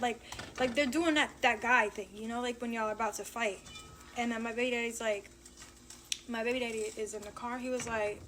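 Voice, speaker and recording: Young woman, bright voice on the high side, slangy storytime delivery, faint hiss behind. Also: fairly quick. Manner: animated, slangy retelling with quoted dialogue. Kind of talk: storytime vlog.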